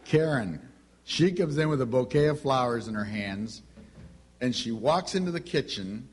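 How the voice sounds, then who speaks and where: Husky-voiced middle-aged man, storytelling parenting speaker, acts out the dialogue. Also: mid-range voice, expressive, a little slow, long pauses. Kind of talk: anecdotal teaching talk.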